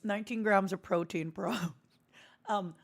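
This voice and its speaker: A woman's voice: mid-range voice, unhurried, creaky. A woman VTuber chatting casually on a live stream, giggly and playfully dramatic, laughing often.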